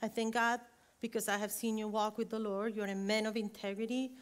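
A middle-aged woman, preaching a sermon in a church, warm and emotional, building to fervent exhortation. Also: mid-range voice, level tone, a little fast, clean tone. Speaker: guest preacher. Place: church sanctuary. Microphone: earring interfering with mic, handheld or headset.

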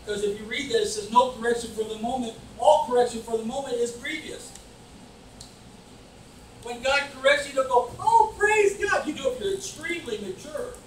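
A man preaching a fervent sermon as pastor, building to shouts and mocking voices. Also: extremely high pitch, fairly quick. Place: church. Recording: echoey church from far off, faint noise. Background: congregation calling back.

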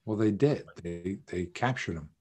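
Animated low-voiced man riffing. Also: moderate pace, breathy edge. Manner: animated, joking, swears casually. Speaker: podcast co-host. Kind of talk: live podcast chat.

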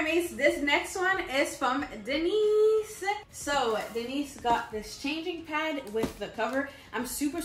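A young woman chatting excitedly through a baby gift haul, calling her viewers "mates". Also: fairly high pitch. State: pregnant, briefly out of breath. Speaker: vlogger. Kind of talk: casual haul vlog. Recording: echoey room.

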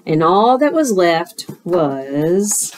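Woman teacher for a storytime read-aloud: slow and expressive, rhythmic, talks to kids. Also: on the low side, a little hiss or hum. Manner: expressive, rhythmic, with asides to children.

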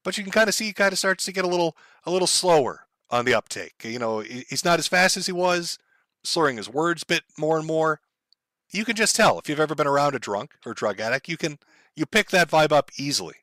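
Bright-voiced male commentary host. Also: on the high side, brisk, no echo, clean studio sound. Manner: calm, explanatory, addresses chat. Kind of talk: live commentary.

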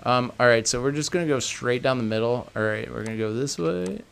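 Speaking a little fast in a mid-range voice, a man with vocal fry and a slightly bright, clean tone narrates gameplay for a building tutorial. He's a video game tutorial creator who keeps things chatty, addresses viewers as "guys," and corrects himself out loud as he goes.

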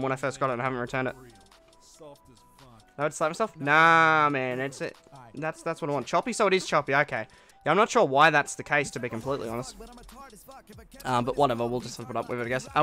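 A man's voice: a little high, bright, forceful tone. A young man streaming a game live, chatting casually with viewers and answering their comments in an upbeat way. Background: faint music.

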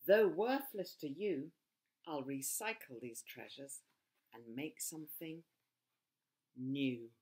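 A woman's voice: deep voice, takes it slowly, long pauses, a little mellow. A woman voicing a mischievous young female raccoon burglar in a storybook, eager and breathless. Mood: earnest.

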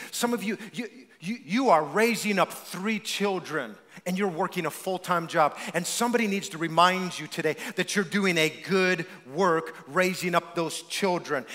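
A man preaching a sermon as pastor, energetic and repetitive with stammered restarts. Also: high-pitched, in a large hall. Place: church sanctuary.

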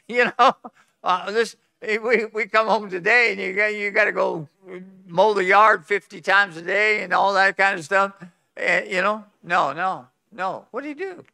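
A man preaching a revival sermon at a conference, swinging from loud pleading to hushed tones, with folksy chuckles between phrases. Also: high voice, creaky, dry recording, studio quality. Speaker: pastor. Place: conference hall.

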